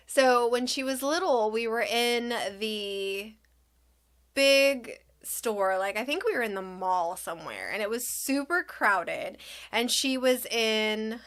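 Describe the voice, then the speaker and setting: Young mother vlogger, unhurried and bright, animated storyteller who acts out quotes. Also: on the high side. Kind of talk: casual storytelling to viewers.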